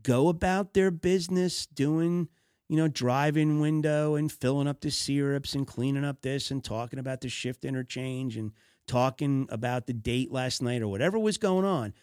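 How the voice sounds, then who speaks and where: A man's voice: medium pitch, normal speed, a little mellow, clear, resonant tone, dry recording, studio quality. A man hosting a business advice podcast, talking conversationally with fillers and restarts, exasperated about poor customer service. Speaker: podcast host.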